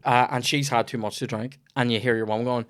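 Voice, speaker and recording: A man's voice: medium pitch, fairly even intonation, a little fast, clean tone, dry recording, clean studio sound. A young man with a Northern Irish accent hosting a chat show, telling rambling, sweary stories in a casual way. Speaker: comedian podcast host.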